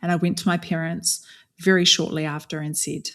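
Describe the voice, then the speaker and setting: Candid woman from New Zealand, lowish voice. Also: flat delivery, brisk, a bit bright. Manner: candid, conversational, frequent fillers and restarts. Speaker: guest. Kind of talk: podcast interview storytelling.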